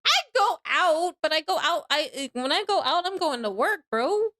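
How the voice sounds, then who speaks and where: High-voiced young woman, casual live streamer at her home desk, laughs a lot and squeals. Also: expressive, normal speed, a bit bright. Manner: laughs a lot, squeals when startled, then drops to mumbling.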